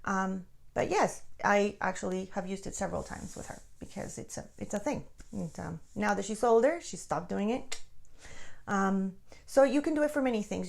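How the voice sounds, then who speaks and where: A woman giving a spiritual guidance talk, checking in with viewers and dropping into soft near-whispers. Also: medium pitch, vocal fry. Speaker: spiritual teacher.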